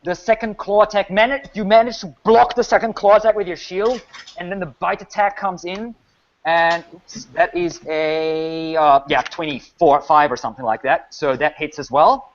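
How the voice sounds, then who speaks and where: A man's voice: sits high, normal speed, a little hiss or hum. A man running a tabletop game as game master, narrating attacks and explaining rules firmly, with frequent restarts. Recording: muffled lo-fi recording.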